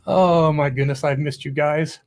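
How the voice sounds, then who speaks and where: A man's voice: on the high side, steady tone, moderate pace, slight background noise. A middle-aged man hosting a casual live stream, chatty and upbeat, teasing his viewers.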